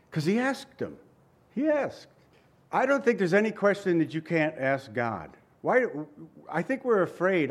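A man preaching a sermon with emphatic repetition and light asides, now and then chuckling. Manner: emphatic, repeats phrases, shifts pitch for quoted lines.

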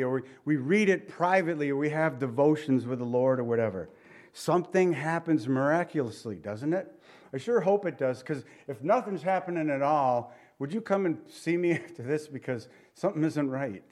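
A middle-aged American man preaching a sermon as pastor, talking conversationally with rhetorical questions and dropping softly for emphasis. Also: a little high. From United States.

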